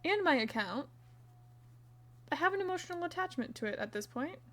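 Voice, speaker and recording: In a relaxed crochet live stream, a chatty young woman jokes around with viewers and reads their comments aloud while quietly counting her stitches. Her voice sits high, with lively intonation, a brisk pace and a fairly bright tone.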